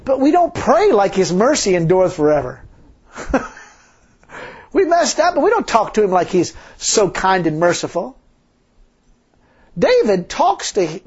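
A man's voice: sits high, darkish tone, husky. A man preaching a sermon in a folksy, emphatic way, full of rhetorical questions. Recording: dull lo-fi sermon recording.

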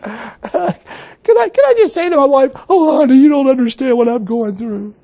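A preacher putting on a whimpering self-pitying voice. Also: male voice, very high voice, expressive, normal speed, gravelly, dark tone, full character voice. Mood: pleading. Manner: whimpering, pleading for sympathy. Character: whiny self-pitying inner flesh, grown man.

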